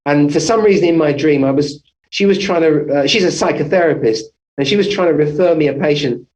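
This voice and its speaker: A man's voice: fairly high pitch, fairly quick, darkish tone, poor audio. A man, a family physician, telling his story as an interview guest, rambling with many restarts and self-corrections.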